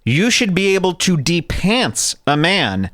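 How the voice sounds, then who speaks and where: A man's voice: high voice, measured pace, no room sound, studio quality. A man hosting a podcast, telling stories in a casual, profane and jokey way. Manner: animated, profane, jokey storyteller. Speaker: podcast host. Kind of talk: casual storytelling chat.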